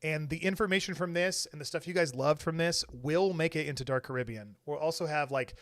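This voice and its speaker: Casual stream host, male, smooth and resonant, dry close sound, rambling. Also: a little high, dry recording. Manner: rambling, loose, many fillers. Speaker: host and game designer. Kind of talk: casual wrap-up chat on a live stream.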